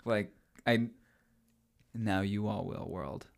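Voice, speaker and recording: A young man co-hosts a casual podcast about old films, chatty and giggly, full of ums and trailing thoughts. His voice is on the low side and creaky, and he takes it slowly.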